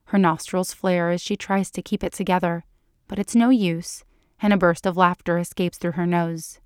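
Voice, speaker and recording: Female storyteller, measured and even, low register, dry recording. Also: no echo. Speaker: narrator. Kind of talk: reading fan fiction aloud.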